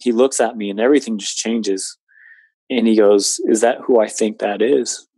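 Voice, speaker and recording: Low-voiced guy telling his story, earnest, lots of "you know", dry close sound. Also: fairly even intonation, moderate pace, mellow, no echo. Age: 20s. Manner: earnest, conversational, with many fillers. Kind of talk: personal testimony in conversation.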